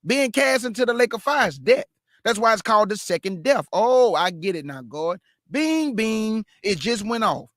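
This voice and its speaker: A man teaching the Bible, reading verses aloud and breaking off to question them with drawn-out emphasis. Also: high voice, big pitch swings, fairly bright tone, no room sound, studio quality. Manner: reads verse then stops to question it aloud. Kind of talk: street-style scripture teaching.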